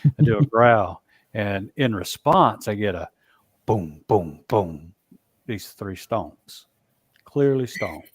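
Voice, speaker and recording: A man telling a long story as a guest in a casual interview, halting, with frequent restarts and asides. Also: fairly low pitch, animated, dry recording, studio quality. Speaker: guest, Bigfoot researcher.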